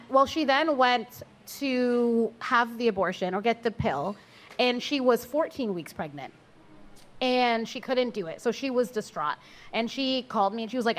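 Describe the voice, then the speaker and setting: Woman, abortion doula on a live panel, slightly high-pitched, blunt and profane, laughs easily. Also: a bit bright. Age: adult, mother of four. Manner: blunt, swears freely, laughs while telling stories. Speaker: abortion doula and maternal health advocate. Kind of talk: candid live panel talk. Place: live event at a coffee house.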